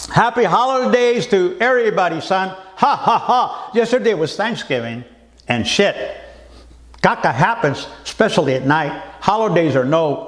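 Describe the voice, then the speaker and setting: A man performing a dramatic spoken-word monologue in streetwise slang, moving quickly between voices. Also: a little high, fairly bright tone, reverberant. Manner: streetwise slang, swift shifts of voice.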